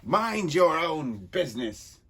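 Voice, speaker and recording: A man's voice: fairly high pitch, sing-song, slow pace, fairly bright tone, slightly rough, pitched above the performer's own voice, exaggerated voice. A man voicing a grinning, menacing male clown villain in a comic book reading, talking in a theatrical, taunting sing-song.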